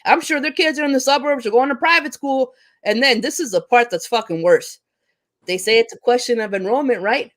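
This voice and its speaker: Her voice sits on the higher side and moves fairly quickly. This teacher, a guest on a panel, rants profanely through a heated discussion, frequently tripping over words and starting her sentences over.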